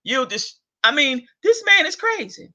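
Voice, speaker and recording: A man's voice: extremely high pitch, very animated, measured pace, bright, forceful tone. A man hosting a video rant, profane and exasperated, with chuckles between lines. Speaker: vlog host. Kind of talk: ranting monologue.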